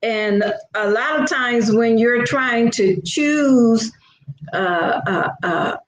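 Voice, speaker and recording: Woman host, slow and earnest, casual inspirational talk, roomy echo, faint noise behind. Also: on the high side. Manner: slow, earnest, conversational with frequent "okay". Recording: echoey room with faint background noise.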